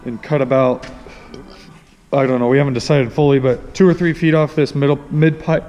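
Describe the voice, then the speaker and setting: A man's voice: medium pitch, steady tone, normal speed, a little mellow, big-room sound, muffled recording, soft background music. A man casually walking through his truck build in a workshop, talking loosely with lots of fillers and restarts. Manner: rambling, many fillers and restarts. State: hiccuping. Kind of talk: casual shop walkthrough.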